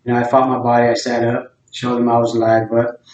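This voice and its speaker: A man's voice: medium pitch, monotone, quick pace, darkish tone. A middle-aged man DJ talking in a rambling, plain-spoken casual monologue, full of fillers and restarts. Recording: roomy, distant, dull lo-fi sound.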